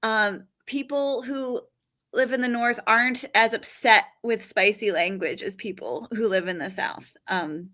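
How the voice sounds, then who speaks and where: Woman, 40s, from Western New York; bright, lively comic guest, jokey and talkative. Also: a little high. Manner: chatty, animated, quick to joke. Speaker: comedian guest. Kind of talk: casual interview chat.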